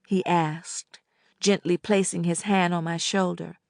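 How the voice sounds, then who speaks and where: A woman narrating an audiobook in the first person, in a measured, subdued way. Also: lowish voice, level tone, gravelly, no echo, clean studio sound.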